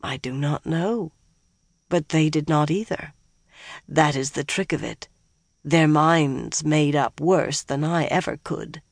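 A reader voicing a calm man who knows interrogation, speaking low, slow and quiet. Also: gravelly, no echo, clean studio sound.

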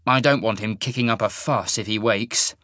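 A man voicing a weary, self-sacrificing male mage in an audiobook, speaking slowly and holding back emotion. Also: fairly low pitch, sharp tone, no echo, clean studio sound. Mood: urgent. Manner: slow and restrained.

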